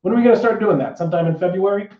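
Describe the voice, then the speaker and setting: A man's voice: sits high, rapid-fire, recorded from a distance. A man co-hosting a podcast, chatting casually and reading the show rundown with dry jokes. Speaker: podcast co-host. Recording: roomy, dull lo-fi sound.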